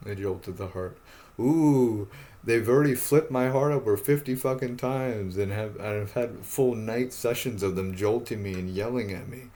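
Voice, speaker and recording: A man's voice: fairly low pitch, normal speed, warm tone. A man talking to his phone camera in a rambling, agitated monologue, swearing often and circling back to the same points. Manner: agitated, profane, repetitive. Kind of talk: rambling self-recorded monologue.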